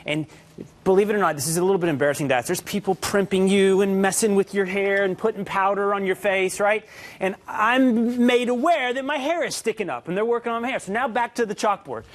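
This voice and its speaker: A man's voice: high voice, fairly quick. A man hosting a studio talk show, explaining his own slip in a self-mocking, joking way. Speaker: news show host.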